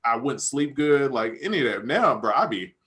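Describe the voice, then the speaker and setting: Bright-voiced young man, slangy chat. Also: medium pitch, moderate pace. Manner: relaxed slangy, says dog and bro. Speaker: music producer, podcast co-host. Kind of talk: casual chat.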